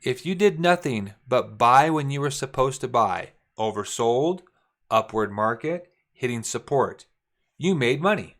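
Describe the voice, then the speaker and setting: Middle-aged male trading instructor, easygoing, repeats key points, mid pitch. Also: animated, unhurried, fairly bright tone. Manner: casual, repetitive, talks while drawing charts. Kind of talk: screen-share trading lesson.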